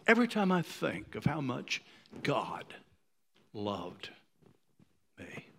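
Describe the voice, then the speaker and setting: A man in his sixties preaching a sermon, moved to tears, who swings from ringing high declarations down to hushed near-whispers. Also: huge pitch swings, slow pace, slight background noise. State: emotional, choked up. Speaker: pastor.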